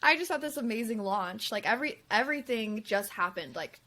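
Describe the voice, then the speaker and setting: A woman's voice: a little high, expressive, a little fast, pushed and bright. A woman hosting a podcast in casual chat, talkative, peppering her speech with "like" and short affirmations. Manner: chatty, full of "like" and short affirmations. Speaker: podcast host.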